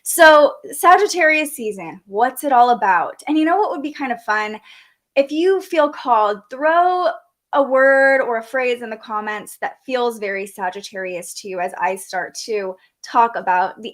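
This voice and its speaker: A woman's voice: fairly high pitch, a bit bright. A young adult woman hosting a live astrology forecast, talking in an upbeat, chatty way and reading out viewer comments. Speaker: astrology show host.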